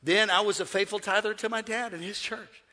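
A man preaching a sermon in a church, joking with the congregation and swinging between shouting and hushed asides. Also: sits high, steady tone, brisk, long reverb tail. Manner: humorous, conversational preaching. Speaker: pastor. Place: church sanctuary.

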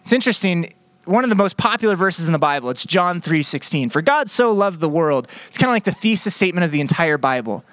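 A man preaching a lively sermon, joking with the crowd and acting out the story in voices. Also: sits high, quick pace, no room sound. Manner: playful, animated storytelling with acted-out voices. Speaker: pastor. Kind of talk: sermon with audience skit.

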